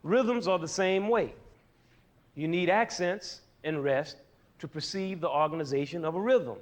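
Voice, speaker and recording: A man with a fairly high voice leads a lesson on rhythm. He is animated and keeps asking his listeners questions, pausing for them to call out the answers. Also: a little hiss or hum. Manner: animated, asks the audience questions. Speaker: music teacher.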